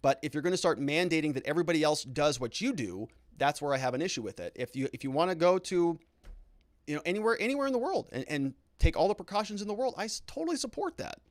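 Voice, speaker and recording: A man's voice: a little high, lively intonation, fast talker, dry recording. A man hosting a live commentary show, reading viewer comments aloud and reacting with indignant, sarcastic asides. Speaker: lawyer and show host.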